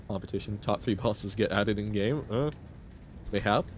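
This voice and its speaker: A man's voice: on the low side, moderate pace, a little hiss or hum. A man streaming a video game live, chatting casually with his viewers, rambling and often laughing. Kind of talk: casual chat while playing a game live.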